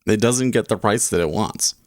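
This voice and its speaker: A man's voice: lowish voice, moderate pace, darkish tone, no echo, clean studio sound. A man hosting a day trading livestream, rambling casually and chuckling as he reads chat aloud.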